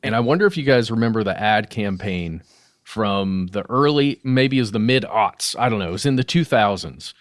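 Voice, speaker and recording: A man co-hosting a podcast in casual chat, talking in a measured way with a few restarts. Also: fairly low pitch, animated, no echo. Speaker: podcast co-host. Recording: dry close studio sound.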